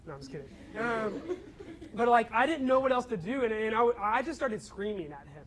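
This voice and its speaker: A young man telling a lively story to a student audience and turning it into a lesson about faith. He acts out his own lines, raising his voice at the funny parts. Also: high-pitched, fairly quick, rough recording. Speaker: campus ministry speaker.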